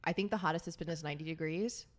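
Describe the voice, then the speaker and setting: A woman's voice: low-pitched, racing. Chatty young woman hosting a podcast. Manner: chatty, laughs often. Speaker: podcast host. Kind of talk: casual chat.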